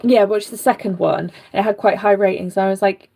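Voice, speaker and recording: A woman's voice: medium pitch, fairly even intonation, a little fast, vocal fry, hardly any pauses, dark tone. A young British woman vlogger chatting casually and rambling, with many fillers and asides, while rerooting a doll. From Britain.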